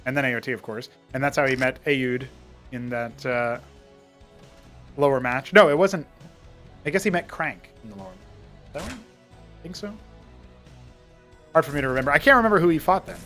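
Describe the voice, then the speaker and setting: A man casting a live strategy-game tournament, chatty and prone to rambling asides, getting excitable in fights. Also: mid-range voice. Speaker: esports caster. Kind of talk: live tournament play-by-play commentary.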